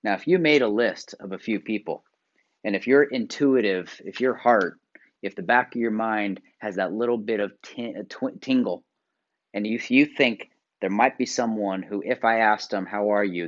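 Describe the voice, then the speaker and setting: This motivational video features an American man with a fairly low pitch presenting a workshop. He gives direct instructions as he coaches viewers through exercises, swinging from loud emphasis to quiet asides, all on dull lo-fi audio.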